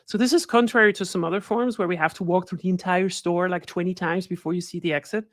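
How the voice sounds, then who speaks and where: A woman's voice: fairly low pitch, steady tone, fast talker, no echo. Dry, chatty woman giving a talk. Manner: conversational, keeps adding "right?" tag questions. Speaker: guest speaker. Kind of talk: webinar presentation.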